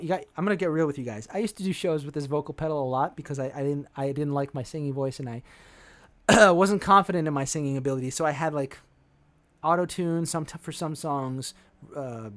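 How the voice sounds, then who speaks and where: A man hosting a casual music livestream, chatting in a relaxed, rambling way and interrupting himself as he adjusts his pedals. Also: fairly high pitch. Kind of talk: casual livestream chat between song demos. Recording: loud music under the voice. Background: guitar playing.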